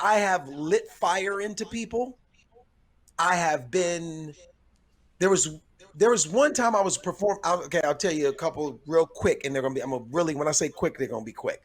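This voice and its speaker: Measured man sharing stage stories. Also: fairly high pitch. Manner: thoughtful, repeats himself as he gathers his thoughts. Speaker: guest comedian. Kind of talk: casual chat, storytelling.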